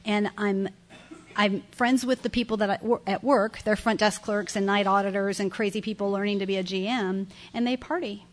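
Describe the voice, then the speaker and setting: A middle-aged woman tells her recovery story to a room full of listeners. Her talk is candid and conversational, circling back on phrases and breaking into soft laughs, at a middle pitch. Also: steady tone, normal speed. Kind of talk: personal testimony at a recovery meeting. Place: meeting room with an audience.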